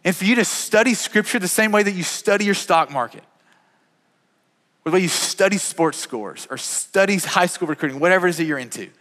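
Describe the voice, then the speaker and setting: Earnest pastor preaching in a hall. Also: male voice, high voice, lively intonation, brisk, a bit bright. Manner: earnest, repeats words often. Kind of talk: sermon.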